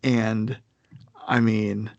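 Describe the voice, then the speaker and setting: This young man has a gravelly, fry-edged voice and sits close to a dry, dead-sounding mic. He tells his story in loose casual chat, rambling and circling back with fillers and restarts. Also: fairly low pitch, flat delivery, very slow, a little mellow, no room sound, dull audio.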